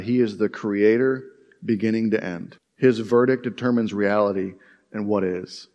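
A man's voice: fairly low pitch, a little fast, darkish tone. A man preaching a sermon as pastor, earnest and conversational, often repeating his phrases for emphasis. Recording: long hall reverb.

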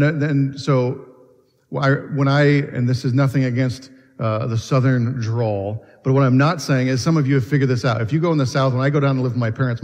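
A man preaching a sermon in earnest, asking questions and often restarting his phrases. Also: medium pitch. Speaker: pastor. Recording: long reverb of a church hall.

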